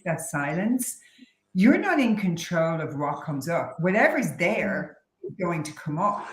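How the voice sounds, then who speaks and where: A woman guest who teaches meditation talks in a candid, reflective way and laughs easily in a casual interview. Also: fairly low pitch. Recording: roomy echo.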